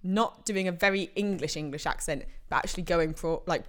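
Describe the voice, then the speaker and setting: A woman's voice: on the low side, brisk, a bit bright. A woman co-hosting a podcast, chatty and playful, laughing often. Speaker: podcast co-host. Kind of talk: casual podcast chat.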